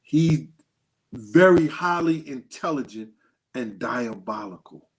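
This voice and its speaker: A man hosting a casual livestream, telling stories with animated quoted dialogue and thanking viewers by name. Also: medium pitch, slow pace. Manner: animated storytelling, acts out quotes in a raised voice. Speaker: host.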